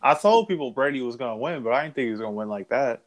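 A man's voice: mid-range voice, animated, racing. A man co-hosting a casual talk recording, talking loosely with slang and laughing often. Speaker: podcast co-host. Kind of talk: casual chat.

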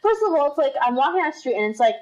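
A young woman with a fairly high voice co-hosts a casual podcast from a room at home. She tells stories in a chatty way and slips into the voices of the people she quotes. The audio sounds a little muffled. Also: sing-song, very fast, a little mellow. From United States. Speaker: podcast co-host. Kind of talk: casual chat.

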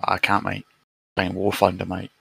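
A man co-hosting a live stream, throwing in sardonic, deadpan jabs. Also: low voice, normal speed, creaky, husky. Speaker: stream co-host. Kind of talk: casual live-stream banter.

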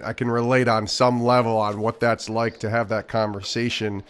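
A man hosting a podcast, responding to his guest in an affirming, appreciative way. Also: fairly low pitch. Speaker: podcast host. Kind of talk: casual interview chat.

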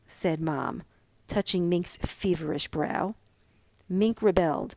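A woman narrating a story in a measured, unhurried read. Her pace is slow and deliberate. The recording is dry and close, with no room sound. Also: fairly low pitch, creaky, darkish tone, dry recording. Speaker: reader. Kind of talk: audiobook narration.

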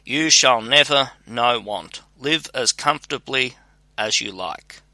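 A clever, patient young scholar and son, calm and reassuring, as a man reads him aloud in a storybook. The voice sounds bright and slow, and the sound is dry. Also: mid-range voice, dry recording, full character voice.

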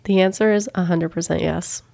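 A woman's voice: lowish voice, fairly even intonation, brisk, gravelly, dark tone. A young woman chatting casually as a podcast guest, agreeable and easygoing, laughing often. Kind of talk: casual chat.

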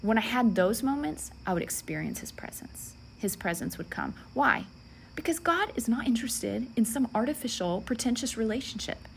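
A woman giving a sermon testimony, earnest and emotional, dropping into soft whispers at times. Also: a little high, expressive, normal speed, creaky, slight background noise. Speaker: preacher.

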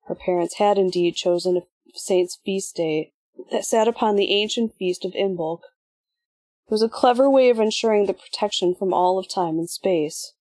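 A woman reading an audiobook in measured, even scripted narration. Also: mid-range voice, breathy edge, no echo.

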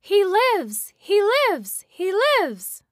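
A woman doing a shrill old witch, Mombi. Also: animated, moderate pace, fairly bright tone, no room sound, clean studio sound, close to an everyday voice. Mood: ecstatic shrieking. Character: scheming old female witch.

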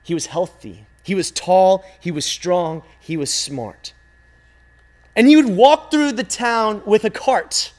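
A man telling a parable slowly and expressively, calling out loudly at times and sinking to a hush at others. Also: high-pitched. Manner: slow, expressive telling, swinging from loud calls to hushed near-silence. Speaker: storyteller. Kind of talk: dramatic storytelling.

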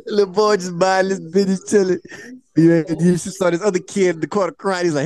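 A man's voice: high voice, steady tone, a little fast, a little mellow. A man hosting a casual podcast chat, telling a story with lots of laughter and acted-out quotes. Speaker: podcast host.

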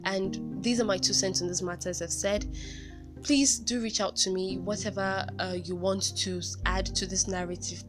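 Chatty Nigerian woman podcaster. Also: mid-range voice. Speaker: podcast host. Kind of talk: casual podcast talk and storytelling.

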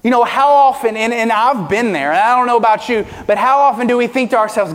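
Pastor guy preaching, fairly high voice, lots of questions, big swings loud to soft, long hall echo. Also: quick pace, hardly any pauses. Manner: preaching with rhetorical questions, pitch and volume swinging widely. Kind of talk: sermon.

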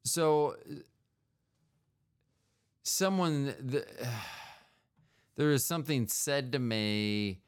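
A man's voice: medium pitch, expressive, extremely slow, long pauses, clean tone. A man hosting a solo podcast in a rambling, digressive comedic monologue, full of fillers and playful mouth sound effects. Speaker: podcast host.

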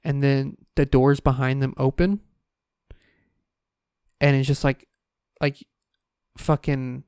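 A man's voice: medium pitch, darkish tone, smooth, no room sound, studio quality. A man delivering a profane, exasperated comedic rant, exaggerating wildly. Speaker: comedic ranter.

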